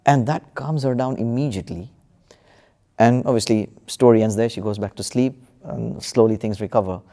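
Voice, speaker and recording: A man telling a story in a relaxed spiritual panel discussion, with plenty of fillers and restarts. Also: mid-range voice, normal speed. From United Kingdom. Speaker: panel speaker.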